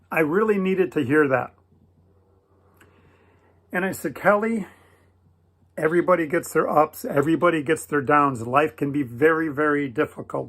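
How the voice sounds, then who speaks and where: A man telling a personal story in an earnest, gentle, preacherly way, repeating blessings and prayers. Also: on the high side, vocal fry. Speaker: Christian video creator.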